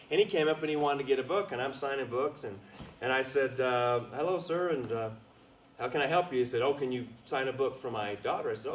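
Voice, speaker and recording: A man giving a lively storytelling talk as a motivational speaker, drawing answers from a small live audience. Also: medium pitch, roomy sound, far from the mic, a little hiss or hum, rough recording. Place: retreat meeting room with a small audience.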